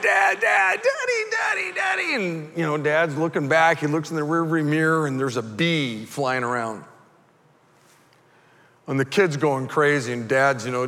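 A male pastor preaching an animated sermon that swings from quiet storytelling to fervent shouting. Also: mid-range voice. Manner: animated, builds to fervent shouting, acts out voices. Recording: reverberant church hall.

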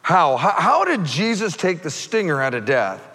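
A male pastor preaching an animated sermon that swings from quiet storytelling to fervent shouting. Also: fairly high pitch, moderate pace. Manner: animated, builds to fervent shouting, acts out voices. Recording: reverberant church hall.

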